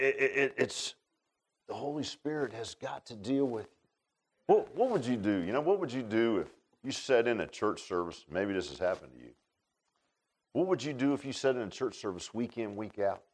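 A man preaching a sermon as pastor, in a folksy, conversational way, repeating phrases and calling people "man". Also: on the low side.

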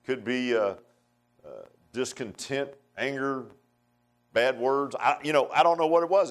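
A man's voice: medium pitch, measured pace. Folksy man preaching a sermon. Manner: folksy conversational preaching, swinging between emphatic and hushed.

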